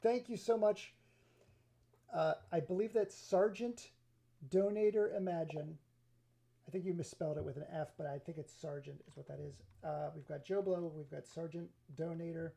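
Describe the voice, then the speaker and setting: A male streamer with a gravelly, husky voice chats loosely with his live viewers, excitable and scattered. His tone is dark and mellow, jumping from thought to thought and greeting people as they arrive. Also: a little high, normal speed. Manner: excitable, scattered, talks to chat, laughs often.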